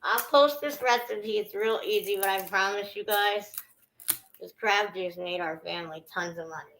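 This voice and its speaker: Woman, casual cooking chat, bright tone, rambling, greets viewers. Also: mid-range voice, normal speed, gravelly, slight background noise, poor audio. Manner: chatty, greets viewers mid-sentence, trails off. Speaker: vlogger cooking on a livestream.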